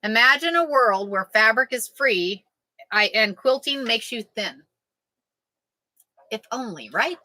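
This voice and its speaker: A chatty woman hosts a casual quilting chat, cracking jokes and answering viewers by name. Her voice sounds very bright and sits a little high. The sound is dry and close, with no room echo. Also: animated, measured pace, pauses often. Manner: chatty, jokey, reads out sayings and answers viewers. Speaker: quilting vlogger.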